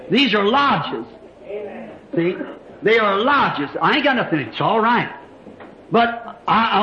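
Emphatic high-voiced preacher man. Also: bright, forceful tone, echoey room. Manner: emphatic, drawn-out lines rising in pitch. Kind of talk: sermon. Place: church. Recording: dull old hiss-laden tape.

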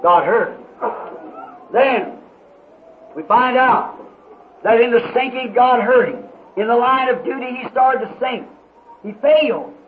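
A man preaching a sermon in an impassioned way, rising to shouts with dramatic pauses, on an old muffled tape. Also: extremely high pitch, animated, a little hiss or hum.

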